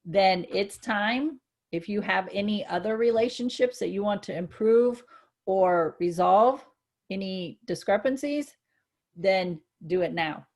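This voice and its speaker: A woman co-hosting a casual spiritual chat, earnest and reflective, growing excited when she gives examples. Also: mid-range voice, measured pace. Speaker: co-host.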